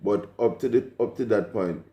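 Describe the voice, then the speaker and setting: Jamaican man, 40s, co-host; very low, warm voice, unhurried and reflective. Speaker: vlog co-host. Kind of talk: casual conversation. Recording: echoey room.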